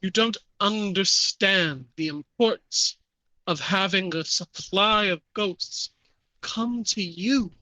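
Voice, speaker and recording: Scheming trapped French chef who eats ghosts, put on by a man, muffled, high-ish and persuasive. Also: takes it slowly, pushed and bright, no room sound, full character voice. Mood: coaxing. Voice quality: muffled, pleading then bargaining. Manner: wheedling, persuasive.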